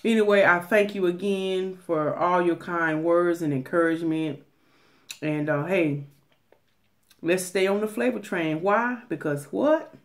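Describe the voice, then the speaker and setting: A middle-aged woman, talking casually to camera on an eating channel, emphatic and preachy with many restarts. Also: lowish voice. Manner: emphatic, preachy, drawn-out phrases with repeated restarts. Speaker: mukbang vlogger.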